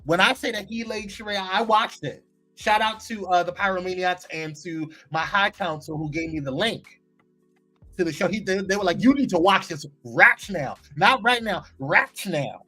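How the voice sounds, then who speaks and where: A man's voice: sits high, moderate pace, soft background music. A man hosting a live morning talk show, chatting casually and teasingly as he reads viewer comments and dishes gossip. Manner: animated, playful, teasing, chatty with frequent laughs.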